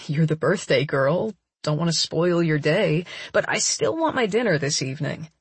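A woman narrator voicing a confident, generous man who teases and insists calmly, her voice a little lower than her own. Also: moderate pace, breathy edge, no room sound, full character voice. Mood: teasing.

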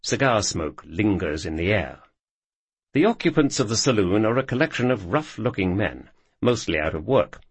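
A man narrating a scripted story with measured storytelling delivery. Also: fairly low pitch, very animated, breathy edge, dry recording.

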